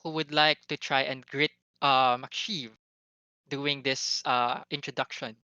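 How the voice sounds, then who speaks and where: A game master running a tabletop session, speaking slowly and hesitantly. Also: mid-range voice, steady tone, bright, forceful tone, clean tone, no room sound, dull audio. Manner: slow, hesitant with uhs.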